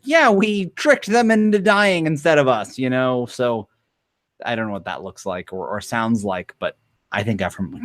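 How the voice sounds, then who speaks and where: A man talking as a player at a tabletop game, relaxed and thinking aloud. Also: mid-range voice. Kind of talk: casual chat at a game table.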